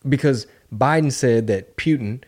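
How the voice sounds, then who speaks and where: A man chatting casually as a podcast co-host, animated and profane. He jumps into short mocking impressions of other people. His voice sits at an everyday middle pitch. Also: unhurried. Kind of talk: casual political banter.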